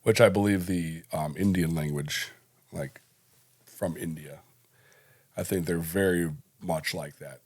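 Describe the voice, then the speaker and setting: A man's voice: low-pitched, fairly even intonation, unhurried, pauses often, husky. Rambling young man chatting casually. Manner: rambling, many fillers and restarts. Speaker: podcast co-host. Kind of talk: casual chat.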